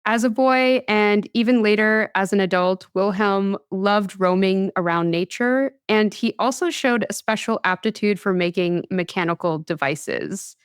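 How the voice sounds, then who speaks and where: A woman's voice: mid-range voice, measured pace, few pauses, clean tone, no echo, studio quality. A young American woman hosting a podcast, telling a science history story in a casual, chatty way and laughing often.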